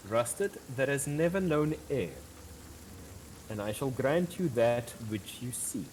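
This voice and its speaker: A man's voice: mid-range voice, expressive, slow pace, darkish tone, slight background noise. A man voicing a smug fey creature who offers bargains in a grand, teasing manner. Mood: sly.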